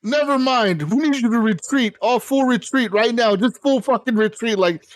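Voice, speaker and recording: A man voicing a gruff male army commander who bullies his troops with profane orders. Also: sits high, moderate pace, dry recording, natural voice. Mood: urgent.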